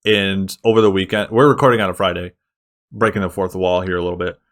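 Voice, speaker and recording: A man co-hosting a sports podcast in casual chat, excitable and full of fillers. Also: deep voice, fast talker. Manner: excitable, uses lots of fillers. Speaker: podcast co-host.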